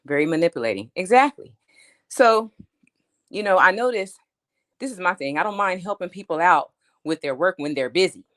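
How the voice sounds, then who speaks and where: A woman's voice: lowish voice, expressive, normal speed, fairly bright tone. A woman on a live stream telling a story in a blunt, emphatic and chatty way, often asking "you know what I'm saying". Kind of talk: casual storytelling rant.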